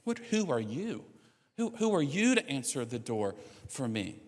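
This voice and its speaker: A man's voice: mid-range voice, very animated, unhurried, long reverb tail. A man voicing a proud, entitled army commander who demands respect. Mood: commanding. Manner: demanding, outraged.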